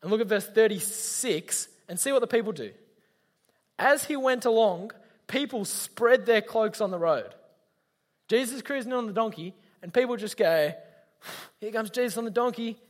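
A man's voice: sits high, animated, normal speed. A young man giving a chatty, slangy youth talk, speaking straight to his listeners. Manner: chatty, slangy, addresses audience directly. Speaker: youth leader. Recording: long hall reverb.

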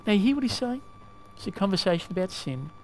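A male preacher giving a sermon in a halting way, often asking the listeners questions. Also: high voice, big pitch swings, darkish tone, a little hiss or hum.

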